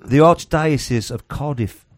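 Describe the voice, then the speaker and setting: Joking podcast host, dry sound. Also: male voice, mid-range voice, measured pace, no echo. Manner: joking, rambling, reads news aloud. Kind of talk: casual comedy podcast chat.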